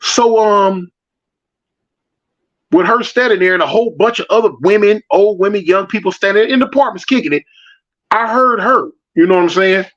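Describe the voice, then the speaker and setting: A man tells a street story in loose, slangy talk and acts out the voices of the people in it. His voice sits high for a man. The recording sounds muffled and lo-fi. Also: normal speed, a bit bright. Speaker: storyteller answering live chat. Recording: dull lo-fi audio.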